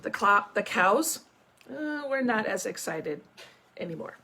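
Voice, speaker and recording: A woman school principal reading a picture book aloud to children, with animated storytelling and chatty asides. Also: medium pitch, measured pace, slight background noise. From United States.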